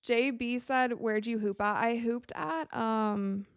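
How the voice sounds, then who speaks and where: A woman's voice: a little high, slow, clean tone, dry recording, studio quality. A young woman hosting a live watch stream, chatting casually and reacting to the plays as they happen. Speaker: livestream host.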